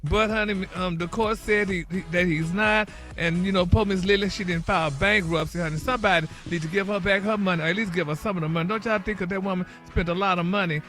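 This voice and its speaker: A man's voice: high-pitched, steady tone, quick pace, hardly any pauses, a bit bright, faint music behind. A man hosting a radio morning-show gossip segment, chatty and peppering every phrase with "honey" and "y'all". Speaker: celebrity gossip segment host.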